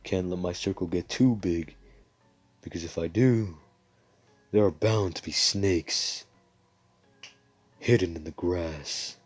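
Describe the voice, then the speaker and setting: A man's voice: low voice, slow, long pauses, breathy edge, no room sound, faint music behind, full character voice. A man voicing a cold, menacing young male cartel boss who makes blunt, swearing threats. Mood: calm.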